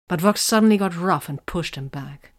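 A woman reading romantic fiction aloud in a soft, breathy voice that often drops near a whisper. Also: lowish voice, moderate pace. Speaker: narrator.

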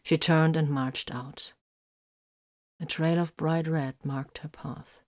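A woman reads an action story aloud as an audiobook. Her voice sits low and her delivery is steady. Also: slow. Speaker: narrator. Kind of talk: audiobook narration.

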